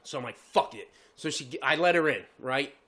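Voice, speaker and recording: A man's voice: medium pitch, brisk. A man co-hosting a podcast, telling a long story in casual chat, swearing often and acting out the other people's voices. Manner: profane, animated, acts out voices in his story. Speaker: podcast co-host.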